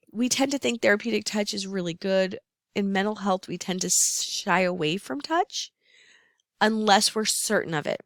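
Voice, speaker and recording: Woman with gravelly voice lecturing. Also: fairly low pitch, a bit bright, no echo, studio quality. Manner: explanatory, repeats key terms, frequent "um". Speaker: nursing instructor. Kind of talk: recorded lecture.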